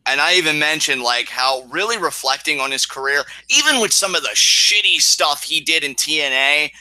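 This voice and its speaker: A man's voice: a little high, animated, moderate pace, bright, forceful tone, dry recording. A man co-hosting a casual wrestling talk show, rambling and emotional with frequent restarts. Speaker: co-host. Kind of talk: casual podcast chat.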